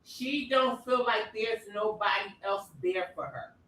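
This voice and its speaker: A woman's voice: medium pitch, unhurried, a bit bright, far from the mic. Woman talking off-mic in an echoey room. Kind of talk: casual chat. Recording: roomy, off-mic, faint background noise.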